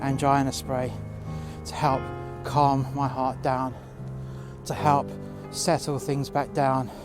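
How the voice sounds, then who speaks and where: A man telling a first-person story outdoors in the cold, halting with fillers and breaking into profane outbursts. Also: medium pitch, little pitch movement, over music.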